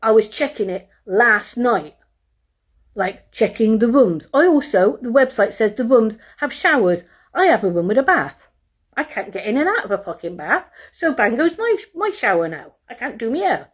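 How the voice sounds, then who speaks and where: A woman with a slightly high, sing-song voice talks at normal speed into her phone camera in a hotel room. Exasperated, she swears often during a casual rant and then a room tour.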